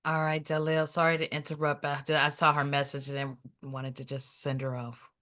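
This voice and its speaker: A woman's voice: deep voice, flat delivery, normal speed, a bit bright. A woman co-hosting an open mic on a video call, chatty while organizing the lineup.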